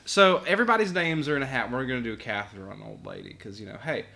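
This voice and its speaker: A man, a podcast guest, telling a casual anecdote with animated delivery, acting out voices and laughing often. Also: mid-range voice, racing, creaky. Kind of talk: casual storytelling.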